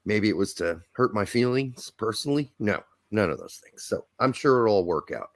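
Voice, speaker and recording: A man's voice: fairly low pitch, lively intonation, normal speed, no echo. A man hosting a podcast on a video call from home, chatting casually with lots of fillers and easy laughs. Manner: laid-back, laughing, rambling with fillers. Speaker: podcast host. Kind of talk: casual live-stream chat. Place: home in Indiana.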